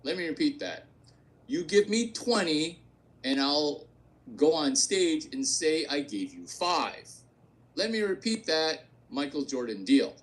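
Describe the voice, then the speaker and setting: A brash man delivering a provocative solo rant, hammering his points with crude jokes and repetition. His pitch sits a little high and jumps around constantly. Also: big pitch swings, unhurried. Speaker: host.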